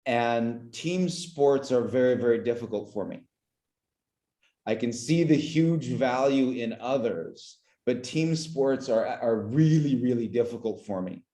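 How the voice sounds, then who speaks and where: A man in his forties from Canada speaks haltingly as a podcast guest, circling back and repeating words as he feels his way through a memory. His voice sits in a middling register, and he sounds emotional, at times choked up. The recording has a roomy, echoey sound. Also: mid-range voice, mellow. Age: 40s. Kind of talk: reflective conversational interview.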